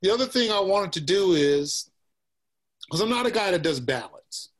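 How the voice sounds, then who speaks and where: Man, Southern accent, from Texas, musician guest, slightly high voice, easygoing chat. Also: lively intonation, moderate pace. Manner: laid-back, says "man" and "you know" often, laughs easily. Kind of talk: casual interview chat.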